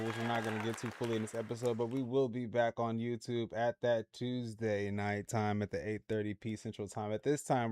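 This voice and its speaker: A man's voice: lowish voice, noisy background. A man hosting a react livestream in a laid-back, slangy way, laughing often as he chats with viewers. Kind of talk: casual livestream commentary.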